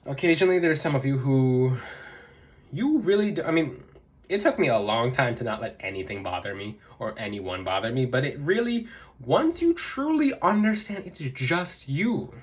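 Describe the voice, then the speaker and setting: Animated young man giving spiritual advice. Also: normal speed. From South Florida. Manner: animated, emphatic, repeats key phrases, mimics others in high voices. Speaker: spiritual vlogger. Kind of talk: casual advice monologue to camera.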